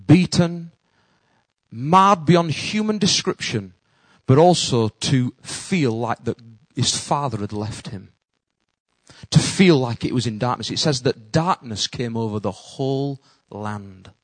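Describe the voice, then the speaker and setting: A male pastor preaching a sermon, dropping to a hush and then rising to loud calls. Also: medium pitch, no room sound, low-quality recording.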